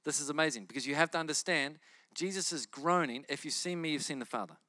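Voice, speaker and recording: An impassioned man delivering a sermon, hammering phrases through repetition. His voice sits high and bright, and the recording is close and dry. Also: fast talker, no echo. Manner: fervent, emphatic, repetitive. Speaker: preacher.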